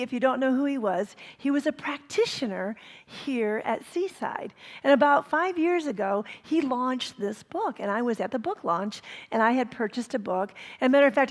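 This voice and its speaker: A woman minister giving a storytelling sermon in an animated way, laughing now and then. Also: high-pitched, normal speed. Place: church center.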